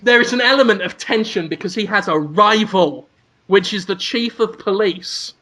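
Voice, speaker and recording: A man's voice: sits high, normal speed, bright, forceful tone. A man co-hosting a podcast, spinning absurd comic stories and acting out voices. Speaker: podcast co-host. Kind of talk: comedic casual chat.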